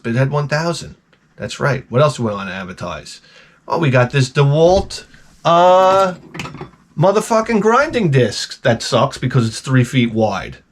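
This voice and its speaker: A man's voice: on the high side, very animated, moderate pace. A man hosting his own video channel, delivering a crude, profane, rambling comedic rant to camera. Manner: jokey, exaggerated. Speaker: YouTube host.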